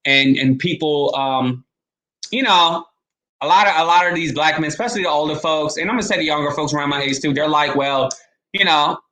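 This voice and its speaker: An online commentator delivers casual, emphatic vlog commentary, using slang and speaking straight to viewers. His voice is a little high and sharp, and he talks fairly quickly.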